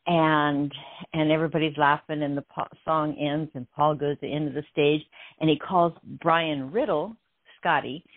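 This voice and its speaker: An older woman as a guest, telling a story in an animated way, often laughing, heard over a phone line. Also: sits low, normal speed, no echo.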